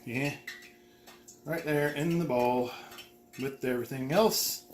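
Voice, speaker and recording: A man's voice: mid-range voice, slow pace, noisy background. A man co-hosting a jokey home cooking demonstration, repeating each step in a goofy play-by-play. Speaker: cooking show co-host. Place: home kitchen. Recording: clatter of dishes in a kitchen.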